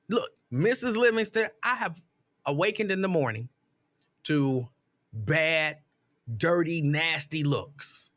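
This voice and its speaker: A middle-aged man hosting a casual live stream, telling stories with mock outrage and reading viewer comments aloud. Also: fairly high pitch. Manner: animated, exasperated storytelling with mock outrage.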